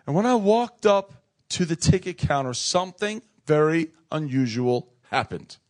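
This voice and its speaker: A man's voice: fairly high pitch, lively intonation, normal speed. A man preaching a sermon, emphatic and repeating phrases for effect, calling on the congregation to respond. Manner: calls on the crowd to respond.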